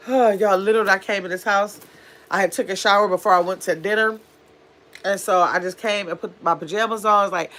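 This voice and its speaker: Relaxed woman chatting on a home livestream. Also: fairly low pitch, a little fast. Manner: relaxed, chatty, reads out viewer comments. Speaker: livestream host. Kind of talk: casual live chat with viewers. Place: at home in pajamas.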